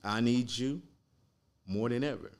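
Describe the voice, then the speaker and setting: A man speaking as a podcast guest, telling a personal story in a slow, earnest way. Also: medium pitch, a little mellow.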